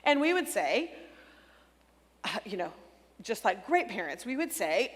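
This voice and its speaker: A middle-aged woman speaking into a stage microphone at a church conference breakout session, explaining clearly and gently. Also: on the high side, sing-song, a little slow. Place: large church hall. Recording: long hall reverb.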